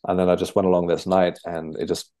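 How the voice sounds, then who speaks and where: A young man, a podcast guest, telling his story in a halting conversational way with many restarts. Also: low-pitched, flat delivery, dark tone. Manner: halting, with frequent restarts and fillers.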